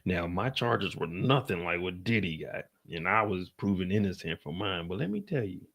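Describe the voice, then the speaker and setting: A man hosting a live stream who reads out court updates in casual, animated commentary, with swearing and sudden whispers. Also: medium pitch, creaky.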